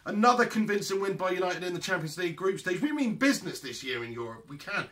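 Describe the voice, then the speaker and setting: A young man hosting a casual football podcast, excitable, swearing and laughing often as he chats about the match. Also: high-pitched, fast. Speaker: podcast host.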